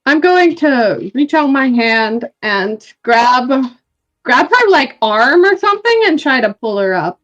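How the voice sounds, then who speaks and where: High-voiced woman playing a tabletop game. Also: big pitch swings, unhurried, fairly bright tone. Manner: hesitant, casual, checking rules. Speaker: player. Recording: dull lo-fi mic.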